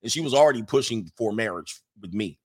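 A man hosting a streaming podcast, talking casually through viewer questions, animated, laughing often and repeating points for emphasis. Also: lowish voice, fast talker.

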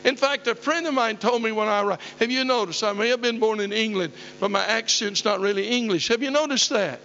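A man's voice: sits high, a little fast, fairly bright tone. An older man preaching a sermon, telling folksy stories and rising to emphatic calls. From southeastern Oklahoma. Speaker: pastor. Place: church hall. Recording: dull recording in a long-reverb hall, faint hum.

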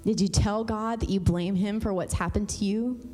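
A woman's voice: mid-range voice, fairly even intonation, warm tone, soft background music. Woman pastor preaching in a hall. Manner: conversational, emphatic, swings between fast and slow. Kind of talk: sermon. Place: church sanctuary. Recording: long church hall reverb.

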